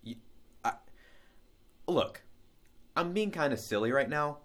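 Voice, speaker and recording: A man vlogging a casual monologue, musing aloud in a rambling, animated way. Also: a little high, slow pace.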